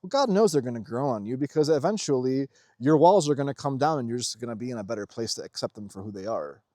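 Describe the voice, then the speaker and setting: A man delivers an unscripted spiritual monologue in a plain, mid-pitched voice. He is blunt and profane and swings his pitch widely whenever he mimics other people. The sound is dry and close. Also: animated, fast, dark tone, no echo. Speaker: spiritual vlogger.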